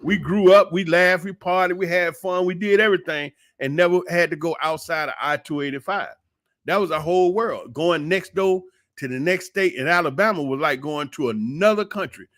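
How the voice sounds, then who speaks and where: A man's voice: fairly high pitch, no echo, clean studio sound. A man, telling nostalgic stories about his childhood in a casual, folksy way and laughing often. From Atlanta, Georgia. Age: 60s. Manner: folksy and nostalgic, laughs often, drifts soft and slow when moved. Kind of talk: casual reminiscing storytelling. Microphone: streaming setup mic.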